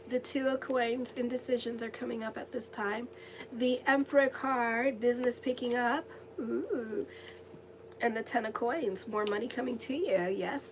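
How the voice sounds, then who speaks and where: High-voiced chatty woman astrologer. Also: noisy background. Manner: chatty, rambling, laughs easily. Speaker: astrologer and tarot reader. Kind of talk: casual horoscope and tarot reading.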